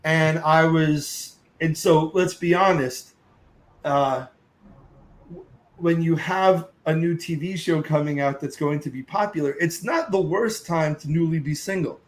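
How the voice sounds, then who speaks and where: A middle-aged man on a podcast, telling a story with real energy. His voice sits a little high, and he breaks into other people's voices as the tale goes on. He curses casually and talks in quick, loose bursts. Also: low-quality recording. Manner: lively storyteller who acts out other voices and sings snatches. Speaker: podcast guest. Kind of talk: animated storytelling.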